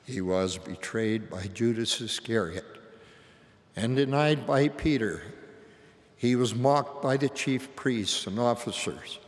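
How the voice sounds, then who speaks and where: An older man preaching a sermon to a large assembly in a slow, solemn and reverent way. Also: medium pitch. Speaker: church leader. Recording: long hall reverb.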